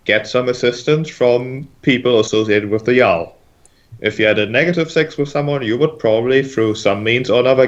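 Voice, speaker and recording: A man in the game master's seat, walking his players through rules at an even, mid-range pitch. He talks in a measured, explanatory way. His mic sounds dull and lo-fi.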